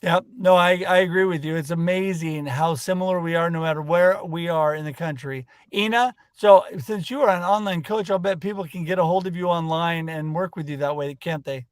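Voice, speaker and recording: A man with a fairly high voice hosts a live online show from a video call. He speaks in an upbeat, effusive way. The sound is dry and close. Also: fairly even intonation, brisk, few pauses, smooth, no echo. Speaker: co-host. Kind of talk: casual live show chat.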